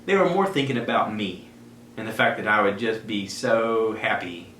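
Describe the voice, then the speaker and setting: Spinning a personal tale for his podcast, this drawling South Carolina man keeps breaking into the voices of the characters he describes. He sounds bright, forceful and fairly low-pitched, in an echoey room with a soft hum of background ambience.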